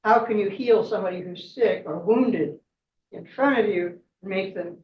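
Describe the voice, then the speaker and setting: A woman voicing a wise, talkative male snake in a told myth, brisk and matter-of-fact. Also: natural voice. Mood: persuasive. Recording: roomy, distant, dull with faint rumble.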